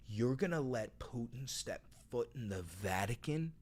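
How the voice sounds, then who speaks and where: A man hosting a political commentary show, ranting with heavy profanity and sarcasm and often breaking into shouted outbursts. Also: on the high side, very animated, normal speed, few pauses. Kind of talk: ranting commentary reading a statement aloud. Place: New York.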